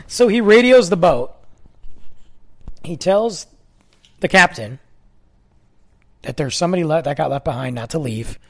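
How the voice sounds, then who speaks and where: Husky, animated man telling a story. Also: medium pitch. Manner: animated, swings from excited to hushed. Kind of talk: casual spoken storytelling.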